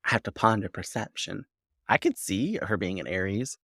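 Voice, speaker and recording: A man with a low, gravelly voice talks through a show recap as a podcast co-host. He rambles loosely, leans on "like" and swears freely. The sound is dry and close. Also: expressive, normal speed, fairly bright tone, no room sound. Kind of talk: casual recap chat.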